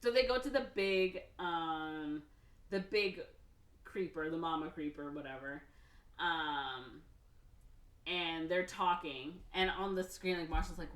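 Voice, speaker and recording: A woman co-hosting a podcast casually retells a film plot in a rambling way, full of "like" and "or whatever," and acts out the characters' lines. Her voice sits on the low side, a bit bright, at a measured pace. The mic is distant, giving a roomy echo.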